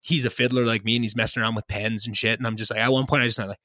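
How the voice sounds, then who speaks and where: Fast-talking bright-voiced man, casual host. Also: medium pitch, steady tone, no echo. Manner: rambling, self-deprecating, many restarts. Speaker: podcast host. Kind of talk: casual chat. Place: home basement. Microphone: podcast mic.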